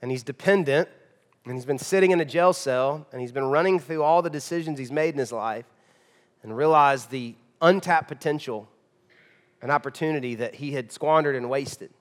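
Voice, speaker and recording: A man preaching a sermon as pastor, conversational and emphatic, moving between loud and hushed passages in a church. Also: mid-range voice, normal speed, long reverb tail.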